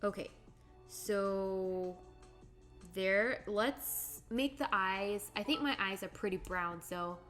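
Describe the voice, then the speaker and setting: A woman's voice: mid-range voice, takes it slowly, fairly bright tone, faint music behind. A young woman live-streaming as she draws, chatting casually with viewers, giggling and thinking aloud. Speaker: livestreamer. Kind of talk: casual live-stream chat while drawing.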